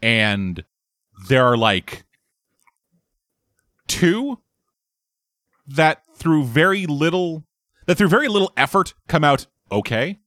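A man's voice: fairly high pitch, slow, pauses often, no echo, studio quality. A man in casual chat, bluntly and profanely tearing into a game. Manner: blunt, profane, animated critique.

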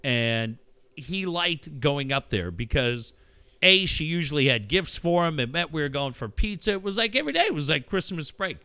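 Middle-aged male podcast host, frank and profane, with a crisp, bright voice in a dry, close room. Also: a little high, very animated, normal speed, no echo. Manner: candid, profane, reflective storytelling. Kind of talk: casual conversation.

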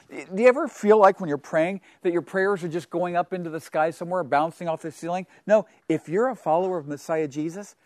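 A middle-aged man preaching a radio sermon, reading scripture aloud and exhorting his listeners in an earnest way, moving from loud declarations to hushed asides. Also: high voice, moderate pace, hardly any pauses, dry recording, studio quality. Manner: dynamic, swings from loud to hushed. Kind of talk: radio sermon and Bible teaching.

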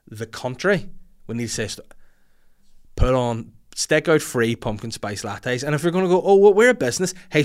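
Man, Northern Irish accent, comedic rant, swearing, exasperated, bursts of shouting. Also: medium pitch.

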